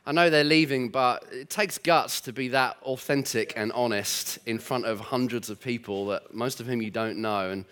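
A man preaching a sermon as pastor in a church, telling stories warmly and acting out the voices in his quotes. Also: medium pitch, moderate pace, hardly any pauses, clean tone. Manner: warm storytelling with lively voiced quotes. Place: church hall.

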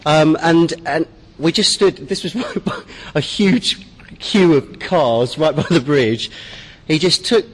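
A man telling a lively testimony story to a group, repeating words as he goes. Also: a little high, slow, in a large hall. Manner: animated, repeats words, laughs easily. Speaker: church member sharing a story.

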